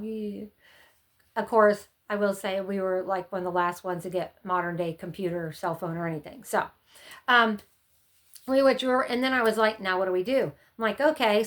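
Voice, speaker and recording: A woman's voice: medium pitch, a bit bright. A middle-aged woman chatting casually to camera, giving rambling, friendly advice from her years as a homeschooling mom. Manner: chatty and rambling, often acts out her own past panics.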